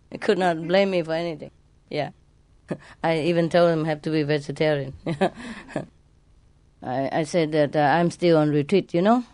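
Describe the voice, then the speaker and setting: A woman's voice: low voice, a little mellow. Woman telling stories with frequent laughter. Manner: laughs often while talking; imitates sounds playfully. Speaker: spiritual teacher. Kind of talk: casual storytelling to a group.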